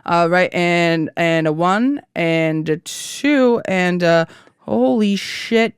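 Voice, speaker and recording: A woman hosting a casual comedy podcast, playful and quick with asides. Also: fairly low pitch, smooth, dry recording, studio quality. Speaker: podcast host.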